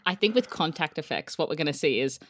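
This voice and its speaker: A woman's voice: sits low, expressive, quick pace. A woman co-hosting a podcast, chatting in an upbeat, eager way. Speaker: podcast co-host. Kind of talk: casual podcast chat.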